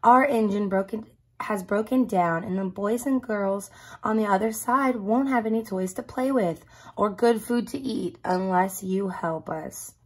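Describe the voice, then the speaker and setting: A woman's voice: unhurried, breathy edge. A woman voicing an eager little male toy clown who pleads for help in a storybook reading. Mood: pleading. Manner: urgent, high and pleading.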